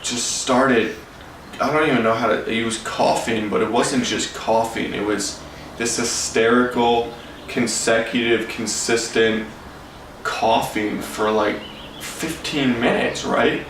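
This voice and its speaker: A young man telling a road-trip story in a relaxed way, swearing casually. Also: mid-range voice, slow, background noise. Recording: roomy, distant mic.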